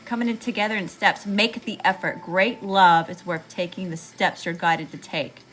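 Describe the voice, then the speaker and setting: A woman's voice: lowish voice, steady tone, normal speed, fairly bright tone, rough recording. A woman with a Southern US accent giving a chatty, slangy live tarot reading to viewers, calling them y'all. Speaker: tarot reader.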